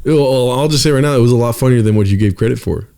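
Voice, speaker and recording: A man's voice: mid-range voice, quick pace, creaky, warm tone. A man co-hosting a casual podcast, cracking jokes and tossing in "dude" a lot. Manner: joking, says "dude" a lot. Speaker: podcast co-host. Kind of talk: casual chat.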